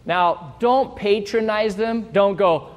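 A man preaching a sermon as a pastor, lively and playful, acting out little exchanges to make his points. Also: sits high, a little slow. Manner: animated, playful, acts out little quoted exchanges. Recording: hall reverb.

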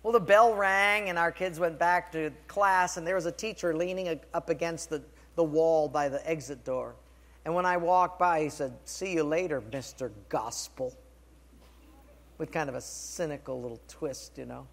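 High-voiced pastor preaching in a hall. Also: male voice, moderate pace. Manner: storytelling, animated, with asides to the congregation. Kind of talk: sermon.

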